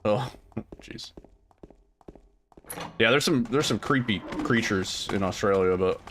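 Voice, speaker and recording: A man's voice: on the low side, takes it slowly, background noise. A man casually chatting and laughing as he streams a game, with goofy asides to his chat. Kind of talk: casual gameplay commentary.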